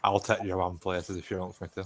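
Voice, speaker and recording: A man's voice: low-pitched, flat delivery, brisk, a bit bright, slight background noise. A man bantering in a casual chat, joking and swearing.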